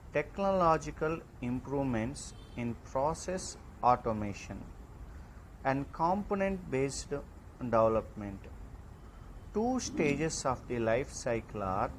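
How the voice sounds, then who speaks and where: A man lecturing in an online class, reading slide points slowly and deliberately. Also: medium pitch, a little hiss or hum, poor audio.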